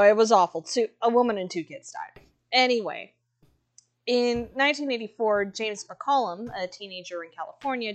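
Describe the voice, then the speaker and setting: A woman co-hosting a podcast in a casual chat, reading from notes with a chatty, easygoing manner. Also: medium pitch. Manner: chatty, laughs often, reads out notes. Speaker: podcast co-host.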